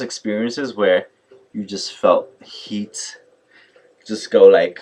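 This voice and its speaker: Young man, low-pitched voice, casual vlog storyteller, animated and chatty. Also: slow. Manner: animated, mimics others in quotes, many fillers like "like" and "yo". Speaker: vlogger.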